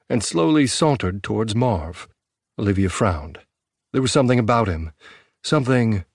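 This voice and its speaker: A man narrating a post-apocalyptic audiobook in a measured, even storytelling voice. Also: mid-range voice, no room sound, studio quality.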